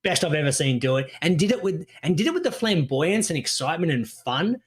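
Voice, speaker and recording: A man's voice: a little high, lively intonation, a little fast. A man, co-hosting a podcast with rambling, sweary storytelling full of fillers. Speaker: podcast co-host. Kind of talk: casual chat.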